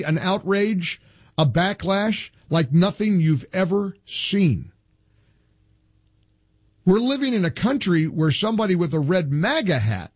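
A man's voice: high voice, breathy edge, no room sound. A male talk show host giving emphatic opinion commentary, reading from articles and building into indignant outbursts.

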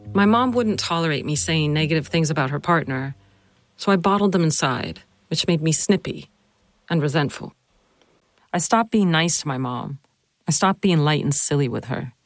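A narrator and host telling a personal family story, then questioning their mother, earnest and slowing down to stress points. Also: medium pitch, gravelly. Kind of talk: reflective personal narration and interview.

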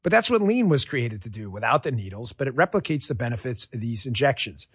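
A man doing a live sponsor read on the radio, energetic and casual. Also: fast talker, husky, dry recording, clean studio sound. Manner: pitchy, energetic, casual salesman tone.

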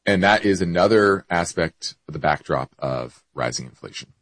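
A man's voice: low voice, animated, normal speed, fairly bright tone, no room sound, rough recording. A man hosting an investment show, explaining markets and answering a listener's question, with hiccups and frequent self-corrections.

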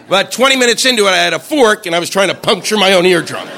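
A man's voice: high voice, expressive, fast, sharp tone, slight background noise. A man doing a profane, ranting stand-up routine. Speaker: stand-up comedian.

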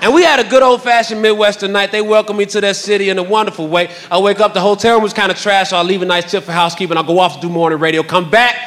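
A man's voice: high voice, steady tone, rapid-fire, hardly any pauses, fairly bright tone. A male stand-up comedian telling a crude, boastful story to a crowd. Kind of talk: stand-up routine.

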